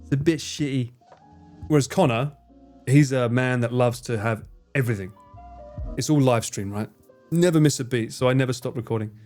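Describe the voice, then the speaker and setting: A young man live streaming, chatting casually with viewers, swearing freely and acting out his friends' lines in higher voices. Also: moderate pace, long pauses, a little mellow, faint music behind. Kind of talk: casual chat answering viewers.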